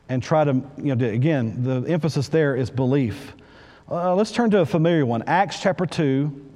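A middle-aged male preacher with a fairly high voice delivers an earnest sermon, reading scripture aloud and hammering home key phrases by repeating them. His voice carries a long reverb, as though heard in a church hall. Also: a little mellow.

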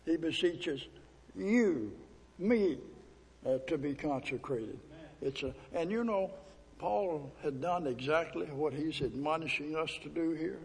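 A man preaching a sermon as pastor, pleading and emphatic, drawing out scripture verses slowly. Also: fairly high pitch, creaky. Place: church sanctuary. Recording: echoey hall with long reverb.

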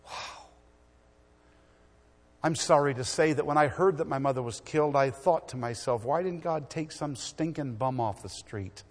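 A middle-aged man preaching a sermon in a church, swinging from loud exhortation to quiet storytelling. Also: fairly high pitch, normal speed, long reverb tail.

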